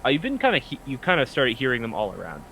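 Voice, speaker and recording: A man's voice: mid-range voice, huge pitch swings, fast, pushed and bright, slight background noise, poor audio. A man narrating as game master of a tabletop game in an easygoing, descriptive way.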